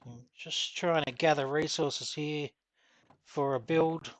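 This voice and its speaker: A man's voice: fairly high pitch, fairly even intonation, slow pace, dry recording. A middle-aged man with an Australian accent, chatting casually as he streams a game and answers viewer comments. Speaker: gaming streamer. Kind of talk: casual live-stream chat while gaming.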